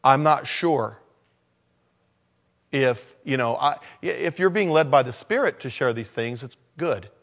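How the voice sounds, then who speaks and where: A man preaching a conversational sermon, dropping to low murmurs and then rising to loud, emphatic lines. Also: animated, unhurried. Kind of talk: sermon on evangelism.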